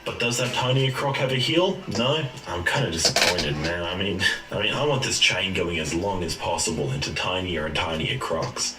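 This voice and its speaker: Young man, casual meme commentary, jokey, lively pitch, echoey room. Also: moderate pace, few pauses, recorded from a distance. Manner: animated, jokey, laughs often. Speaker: YouTuber.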